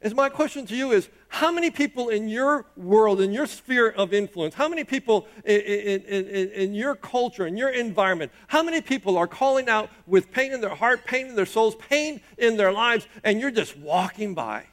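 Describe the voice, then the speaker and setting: A middle-aged man preaching a sermon, emphatic, swinging from loud rises to quiet drops. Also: expressive, normal speed, hardly any pauses. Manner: emphatic preaching, rising and dropping in pitch and loudness. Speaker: pastor.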